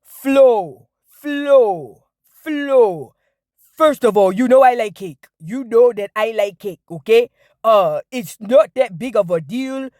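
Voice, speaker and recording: A woman's voice: fairly high pitch, expressive, takes it slowly, a little mellow, no echo, studio quality. A woman playing a pleading, motherly mom. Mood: pleading scold. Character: middle-aged mother scolding her daughter.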